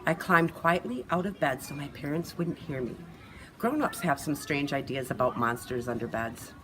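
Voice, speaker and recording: A woman reading a children's picture book aloud, telling the story expressively and clearly. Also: sits low, moderate pace, far from the mic, background noise.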